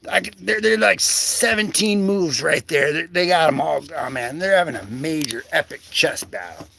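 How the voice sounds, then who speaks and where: A man hosts a loose, rambling livestream, chatting to viewers and paging through comics in slangy talk. His voice sits high and bright, with a gravelly edge. He drifts along, leaning on fillers. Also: animated, moderate pace. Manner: talks to chat viewers by name. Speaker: livestream host. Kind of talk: casual livestream commentary on comics.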